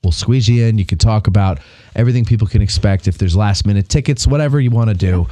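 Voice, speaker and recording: Low-voiced jokey male talk host. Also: dark tone. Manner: jokey, reads a poem aloud slowly. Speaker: local talk show host. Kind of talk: casual studio chat.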